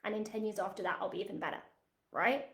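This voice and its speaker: A woman in her thirties teaching a spiritual masterclass in a chatty, animated way, often checking in with "right?". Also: mid-range voice, fast, roomy sound. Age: 30s.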